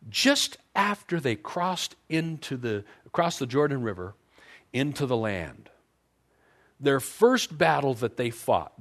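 A middle-aged pastor preaching a sermon, retelling Bible stories and briefly acting out the figures in them. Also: male voice, lowish voice. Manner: storytelling preacher who acts out biblical figures in quick voices.

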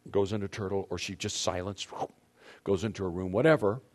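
A man's voice: sits low, steady tone, a little fast. A man leading a marriage seminar for couples, speaking emphatically and addressing the audience directly on a handheld microphone. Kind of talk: teaching talk to couples.

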